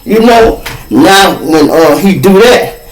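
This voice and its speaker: A man, hosting a podcast and telling a street story in a profane, animated way. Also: high-pitched, slow, recorded from a distance, background noise. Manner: animated, profane, acts out every voice. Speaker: podcast host. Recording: echoey room.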